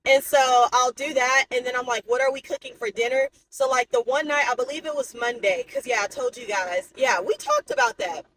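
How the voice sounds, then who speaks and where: A woman's voice: high voice, a little fast, hardly any pauses, a bit bright, slight background noise, rough recording. Chatty young woman vlogging. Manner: chatty, candid, addresses viewers as y'all and baby. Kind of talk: casual talk to camera.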